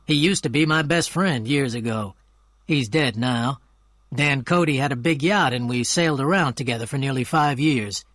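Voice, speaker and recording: A charming, wealthy young gentleman who speaks politely and easily, read by a man. His mid-pitched voice sounds dry and close, as in a storybook reading. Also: moderate pace, no echo, close to an everyday voice. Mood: wistful.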